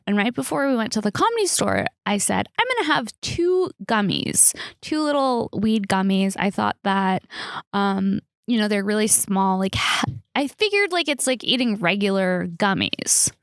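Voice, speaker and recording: A woman's voice: mid-range voice, creaky, dry recording, studio quality. A young woman with a Californian accent, hosting a casual solo podcast and telling stories with lots of fillers and restarts. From Los Angeles area, United States. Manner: chatty storytelling with many fillers and restarts. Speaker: comedian podcast host.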